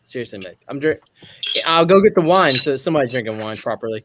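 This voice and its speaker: A man's voice: medium pitch, lively intonation, fast talker, a crowd in the background. A man co-hosting a casual podcast, telling stories and acting out the exchanges with lots of laughter. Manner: storytelling, acts out quoted exchanges, laughs often. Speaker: podcast co-host. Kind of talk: casual group podcast chat.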